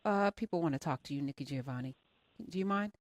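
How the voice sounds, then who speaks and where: A woman hosting a call-in talk show, animated and enthusiastic as she brings in callers. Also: low voice, quick pace. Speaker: radio show host.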